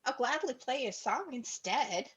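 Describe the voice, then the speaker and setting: A woman voicing a small, gentle pixie bard who would rather not fight, speaking earnestly and pleadingly in a voice close to her own. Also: sits high, animated, unhurried, pitched above the performer's own voice.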